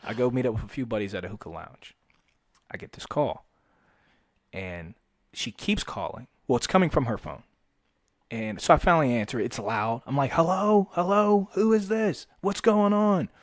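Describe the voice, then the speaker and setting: A man's voice: medium pitch, normal speed, long pauses, dry recording, clean studio sound. A young man co-hosting a podcast, telling a story in casual chat, swearing and acting out quotes. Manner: animated, swearing, acts out quotes with laughs.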